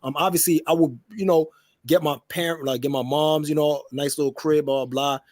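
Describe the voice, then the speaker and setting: A man's voice: a little high, steady tone, a little fast, no echo, clean studio sound. A man in a casual podcast chat, slangy and full of fillers, checking in with the listener over and over. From New York. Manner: slangy, full of fillers like "you dig what I'm saying".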